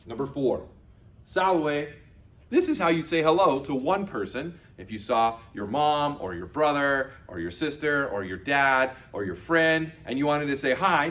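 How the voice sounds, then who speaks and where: A man teaching a recorded video lesson for children, repeating each word slowly for learners. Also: medium pitch. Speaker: Latin teacher.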